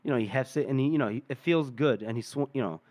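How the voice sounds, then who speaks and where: A man's voice: mid-range voice, quick pace, a little mellow, dry recording. A man hosting a podcast, loosely retelling a chapter with fillers and laughs. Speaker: podcast host. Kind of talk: casual chapter recap.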